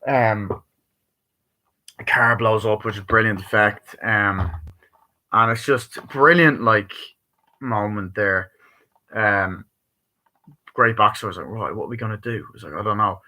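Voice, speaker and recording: A man's voice: lowish voice, unhurried, pauses often, bright, forceful tone, low-quality recording. A man giving a casual, rambling movie review, swearing a lot and acting out lines of dialogue as he goes. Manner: rambling, profane, acts out quoted dialogue.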